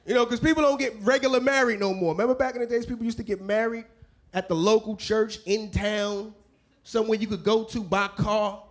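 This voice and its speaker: A man doing a stand-up comedy set, complaining in a weary, deadpan way. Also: high-pitched, fairly quick.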